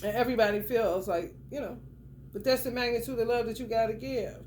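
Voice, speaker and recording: A woman's voice: a little high, steady tone, a little fast, a little mellow, a little hiss or hum. A woman giving a casual tarot reading to the camera, blunt and profane, talking straight at the viewer with lots of emphasis. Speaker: tarot reader.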